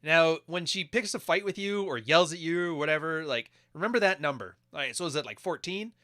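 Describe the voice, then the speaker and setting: A man's voice: on the high side, fairly quick, bright, forceful tone. A man giving crude, mocking casual commentary while reacting to videos. He keeps acting out quoted voices.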